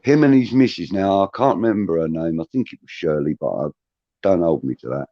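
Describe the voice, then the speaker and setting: A man's voice: deep voice, expressive, a little fast, dry recording, lo-fi sound. A middle-aged man, a podcast co-host telling a rambling anecdote in a casual way. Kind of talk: casual storytelling.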